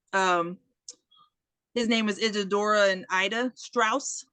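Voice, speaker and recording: A woman co-hosting a podcast recaps a movie in casual chat, telling it animatedly, acting out the characters' lines and swearing freely. Her medium-pitched voice is clear and resonant, and she takes things slowly. The recording is dry.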